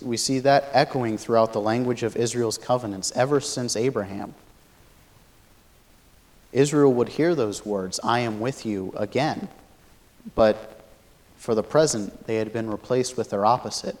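A man giving a Bible study lecture, explaining a passage thoughtfully and pausing often to search for words. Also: medium pitch, a little mellow. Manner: thoughtful, many fillers and restarts, explanatory. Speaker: Bible teacher.

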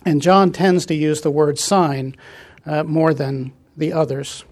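A man leading a Bible study, reading scripture aloud and explaining it with frequent pauses and fillers. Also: on the high side, steady tone, a little mellow.

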